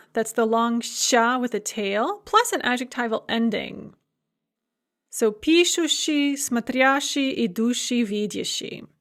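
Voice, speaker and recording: A woman giving a recorded grammar lecture, explaining step by step and slowing down to spell out examples. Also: on the high side. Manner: clear, methodical explaining with slow spelled-out examples. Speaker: language lecturer.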